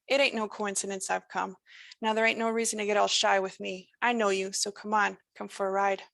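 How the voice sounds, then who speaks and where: A woman's voice: medium pitch, flat delivery, fairly quick, creaky, fairly bright tone, no echo. A woman voicing a menacing supernatural male stranger with a folksy drawl and a lilting, sing-song way of talking. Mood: lilting, creepy.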